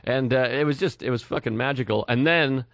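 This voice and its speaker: A man co-hosting a podcast, telling stories in casual chat, animated and swearing freely as he acts out what people said. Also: medium pitch, fairly quick, creaky, dry recording, studio quality. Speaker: podcast co-host.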